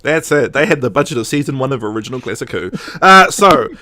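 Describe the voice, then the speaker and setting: A man co-hosting a podcast in casual chat, sarcastic and jokey, recapping scenes with quick put-on voices. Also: medium pitch, animated, pushed and bright, no room sound. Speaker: podcast co-host.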